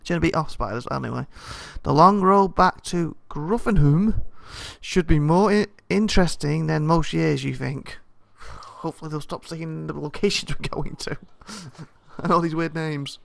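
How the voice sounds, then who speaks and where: Gravelly man reading a game aloud. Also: a little high, measured pace, no echo. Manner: stumbles over names, joking asides and laughs. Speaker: let's play host.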